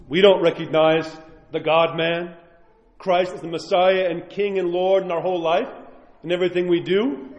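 High-voiced male priest in an echoey hall. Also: a little mellow, lo-fi sound. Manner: conversational, emphatic, acts out quoted voices. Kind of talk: sermon. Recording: echoey hall, long reverb.

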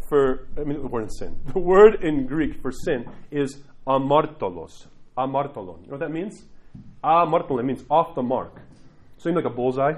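A middle-aged man giving a lively, conversational church talk, acting out quotes in different voices. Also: a little high, poor audio. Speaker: church teacher. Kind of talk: sermon-style class talk.

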